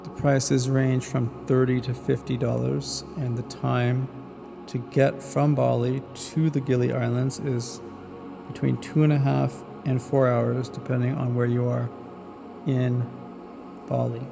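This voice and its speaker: A man narrating a travel vlog in a relaxed, friendly way, speaking straight to viewers. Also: medium pitch, unhurried, creaky, over music.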